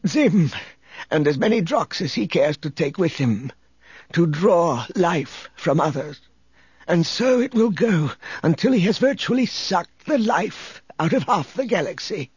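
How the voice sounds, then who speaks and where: A man's voice: a little high, lively intonation, unhurried, breathy edge, no room sound, lo-fi sound, voice pushed up, full character voice. A man playing a weary remorseful old man. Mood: hushed. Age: older. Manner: hushed, confessional, sinking to a whisper.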